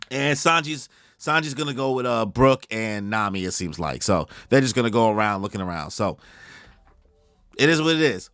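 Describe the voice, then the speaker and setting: Excitable man with a lively voice. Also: mid-range voice, no echo, clean studio sound. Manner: slangy, excitable, goes off on tangents. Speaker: manga reaction host. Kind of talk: casual live reaction commentary.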